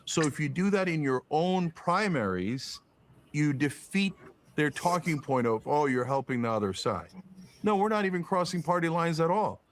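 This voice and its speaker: A man's voice: a little high, lively intonation, normal speed. A man giving heated, profane political commentary as a podcast guest, firing off rhetorical questions. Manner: emphatic, profane, rhetorical questions, mocking put-on quotes.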